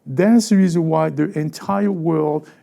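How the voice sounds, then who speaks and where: Gravelly-voiced pastor man, halting and repetitive. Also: fairly high pitch, warm tone. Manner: halting, with frequent stammered restarts and repeated words; conversational preaching, acting out everyday voices. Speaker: lead pastor. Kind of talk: sermon.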